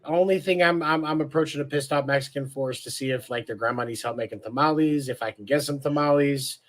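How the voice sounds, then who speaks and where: A man's voice: mid-range voice, fast. A man co-hosting a sports podcast, talking bluntly and casually with profanity and jokes. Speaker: podcast co-host.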